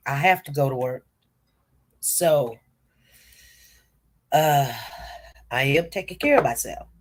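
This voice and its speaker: Slow and bass-voiced, this woman runs a casual commentary livestream despite a cold that makes her cough from time to time. She keeps up chatty commentary aimed right at her viewers and chat.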